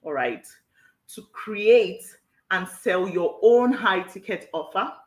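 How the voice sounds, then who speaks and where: A woman's voice: mid-range voice, animated, slow, reverberant, rough recording. A woman coach hosting an online workshop who talks emphatically, repeats herself and laughs often. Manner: emphatic and repetitive, with frequent "all right"; laughs often while talking. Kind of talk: live online workshop talk.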